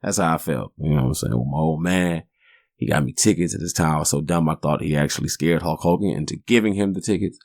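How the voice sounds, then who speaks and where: This man in his forties, a podcast host, talks fast in a bass voice with vocal fry and a slightly mellow quality. His casual storytelling rambles, swears and jokes, recorded in a clean studio with no room sound.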